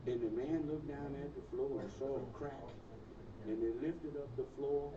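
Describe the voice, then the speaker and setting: A man's voice: medium pitch, normal speed. A man telling a story in casual, earthy, profane speech, with a folksy drawl. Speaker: storyteller in a played recording. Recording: echoey, distant, lo-fi and noisy.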